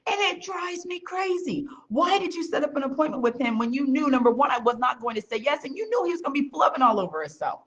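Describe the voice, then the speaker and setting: A woman business owner chatting casually on camera beside her husband, a blunt and lively storyteller. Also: high-pitched, fast talker, few pauses. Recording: dull lo-fi sound.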